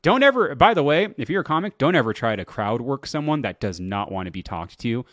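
A man's voice: medium pitch, very animated, a little fast, fairly bright tone, no echo, clean studio sound. A man hosting his own podcast, chatting loosely and laughing at his own stories, with lots of swearing. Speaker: podcast host. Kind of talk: casual solo podcast talk.

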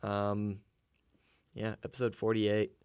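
A man's voice: on the low side, level tone, takes it slowly, a little mellow, clear, resonant tone, dry recording, clean studio sound. Laid-back young man podcast co-host. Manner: chatty and laughing, loose with fillers. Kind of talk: casual sports podcast chat.

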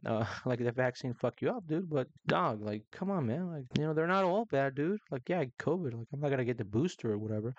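A man's voice: mid-range voice, a little mellow, no echo, muffled recording. A man giving a casual, profane opinion rant full of slang and restarts. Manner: profane, slangy, exasperated ranting with frequent restarts. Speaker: political opinion commentator. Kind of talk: casual ranting commentary.

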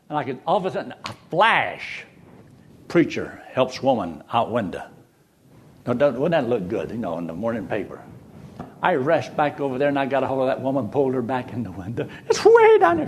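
An older man preaches a sermon, weaving folksy stories and jokes between Bible verses as an animated storyteller. His voice is medium-pitched with vocal fry.

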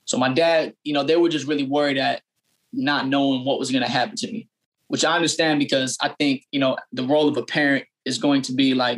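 A man's voice: mid-range voice, a little fast, fairly bright tone. A young adult man, a barber, telling his story in an interview, earnest and full of fillers and restarts. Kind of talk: casual storytelling interview answer.

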